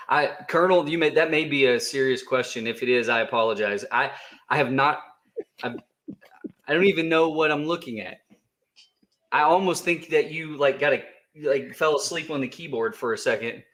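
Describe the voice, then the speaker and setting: A man's voice: fairly high pitch, expressive, moderate pace, a bit bright. A man co-hosting a casual livestream, joking around with his co-host and reading viewer chats in a playful, teasing way. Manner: joking, playful, slips into silly voices.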